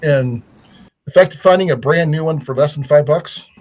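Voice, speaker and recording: A man's voice: a little high, moderate pace, darkish tone, low-quality recording. A man hosting a casual livestream chat, rambling with many fillers and restarts. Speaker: channel host.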